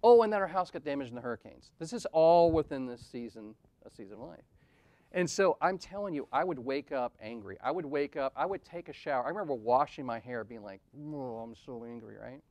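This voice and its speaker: A medium-pitched, expressive man in his forties talks a little fast with a slightly mellow tone, recorded dry. At an event venue he gives a candid conference talk of personal stories, conversational and self-deprecating, peppered with "right?"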